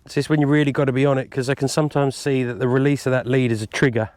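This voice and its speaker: A man's voice: medium pitch, steady tone, rapid-fire, darkish tone, no room sound. A man chatting casually to camera outdoors, explaining what he is doing as he goes. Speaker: vlogger and gundog handler. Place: outdoors on a country estate.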